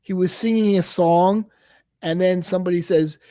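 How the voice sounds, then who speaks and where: A man's voice: high-pitched, steady tone, moderate pace, a little mellow, dry recording, clean studio sound. A man chatting casually on a late-night live stream, rambling and exasperated, often stammering and repeating his words. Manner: exasperated, keeps saying "come on, man".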